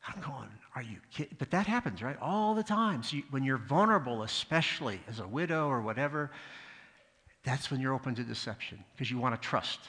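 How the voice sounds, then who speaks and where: A man's voice: mid-range voice, expressive, brisk, fairly bright tone. A male pastor giving a sermon, telling stories with asides and acting out the voices of the people in them. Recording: long hall reverb.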